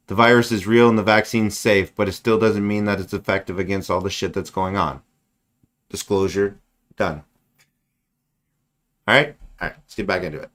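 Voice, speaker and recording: A man's voice: fairly low pitch, fairly even intonation, moderate pace, long pauses, a bit bright. A man in his forties, hosting a livestream and ranting bluntly and sarcastically with lots of swearing, his voice a bit strained. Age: 40s. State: losing his voice. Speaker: livestream host. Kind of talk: casual ranting commentary.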